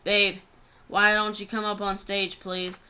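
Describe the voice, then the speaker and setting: A jealous, protective young husband, read aloud by a woman in a plain storybook voice. The tone stays bright and clear, with little acting beyond the words. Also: mid-range voice, measured pace. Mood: stern. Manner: flat read-aloud dialogue, barely acted.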